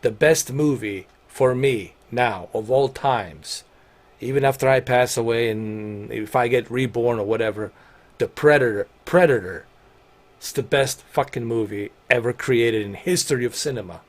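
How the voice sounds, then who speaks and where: Guy streaming a game, middle pitch, rambly and sweary, keeps cracking himself up, gets loud and emphatic. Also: normal speed. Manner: rambling, profane, laughs often; excited and emphatic. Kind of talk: casual livestream chat.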